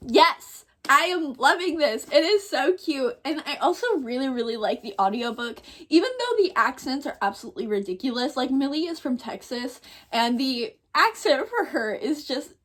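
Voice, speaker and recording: A young woman chatting casually in a reading vlog, her voice sitting a little high. She gushes with enthusiasm and chats along with easy fillers. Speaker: book vlogger.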